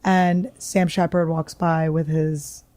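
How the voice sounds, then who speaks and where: A woman's voice: low voice, slow pace, no room sound. A woman comedian telling stories in a casual chat, acting out the people she quotes. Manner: animated storyteller acting out quoted voices. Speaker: comedian guest.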